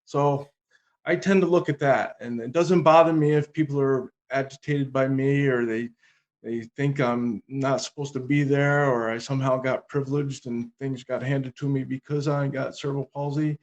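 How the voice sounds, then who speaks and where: A man as a podcast guest, telling anecdotes in a relaxed conversation with dry comic timing. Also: medium pitch, moderate pace, muffled recording. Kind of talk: casual interview storytelling.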